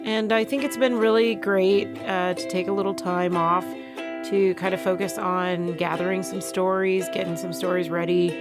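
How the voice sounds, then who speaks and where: A woman's voice: lowish voice, level tone, normal speed, music in the background. A woman co-hosting a podcast in casual chat, upbeat and emphatic, teasing her co-host.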